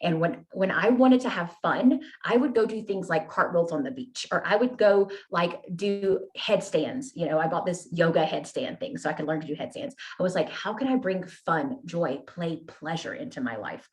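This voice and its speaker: A woman's voice: fairly low pitch, animated, normal speed, hardly any pauses. A woman guest telling her personal story in an earnest, candid way, often checking in with "right?" and "you know?". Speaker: podcast guest.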